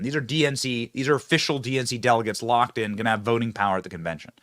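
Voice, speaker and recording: A man's voice: mid-range voice, racing, hardly any pauses, fairly bright tone, no room sound, clean studio sound. A man hosting a political commentary show, mocking and sarcastic, laughing at his own jabs. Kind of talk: fast opinionated political commentary. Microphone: close studio mic with earpiece.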